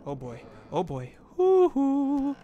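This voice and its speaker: A man's voice: a little high, measured pace, dull audio. A young man giving casual commentary while streaming a climbing game, laughing and yelping as he plays. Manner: excitable, laughs and yelps at the game.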